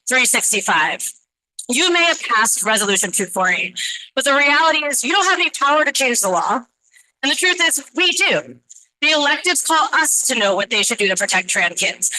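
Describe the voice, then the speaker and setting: A woman's voice: fairly high pitch, pushed and bright, no room sound, rough recording. A woman who directs advocacy, giving a firm, assertive prepared statement at a public meeting.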